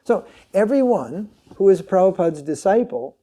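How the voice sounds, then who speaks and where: A man giving a sermon as a swami, telling a story in a halting way with many fillers and restarts. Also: high-pitched, very animated, mellow.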